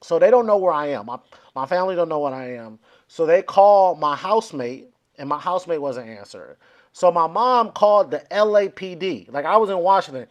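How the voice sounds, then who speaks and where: A man's voice: fairly high pitch, expressive, a little fast, lo-fi sound. A man telling a long funny story, acting out quotes and swearing freely as he goes. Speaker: comedian guest. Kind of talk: storytelling on a comedy podcast.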